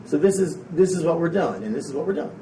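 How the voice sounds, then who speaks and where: A man giving a rambling, energetic motivational talk to a live audience, frank and casual with some swearing. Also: fairly high pitch, fast talker, far from the mic. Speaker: motivational speaker. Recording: echoey room, speaker away from the mic, faint noise.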